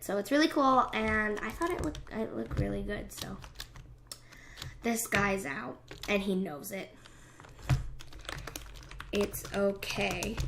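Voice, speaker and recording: A young woman hosting a gaming channel, chatting casually over her play in a rambling, self-deprecating way that often sinks into whispered asides. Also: fairly high pitch. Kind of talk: casual game commentary. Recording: loud background music.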